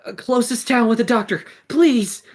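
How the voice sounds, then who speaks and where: A woman voicing a panicked young man who shouts desperately for help. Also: a little high, normal speed, voice pushed up, close to an everyday voice.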